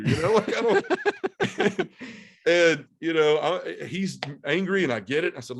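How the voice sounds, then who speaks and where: A man's voice: medium pitch, lively intonation, normal speed. A middle-aged man, a podcast guest, telling his personal testimony in a candid, earnest way and acting out his own thoughts.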